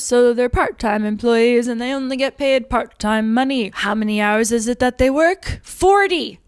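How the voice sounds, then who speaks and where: Woman vlogger, 30s, from Canada; bright high voice, dry close sound, fired-up and chatty. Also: no room sound. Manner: emphatic, indignant, laughs often. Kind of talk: casual opinion monologue to camera.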